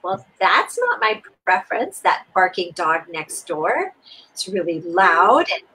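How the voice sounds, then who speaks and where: A woman co-hosting a spiritual talk, explaining steps in an expressive, soothing and repetitive way. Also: fairly low pitch, measured pace, a little hiss or hum, low-quality recording. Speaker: co-host. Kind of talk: spiritual teaching conversation.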